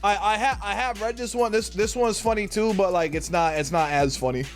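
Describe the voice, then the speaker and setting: A young man live-streaming a game, rambling and swearing, breaking into high-pitched yells when frustrated. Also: a little fast, soft background music. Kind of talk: casual live-stream chat while gaming.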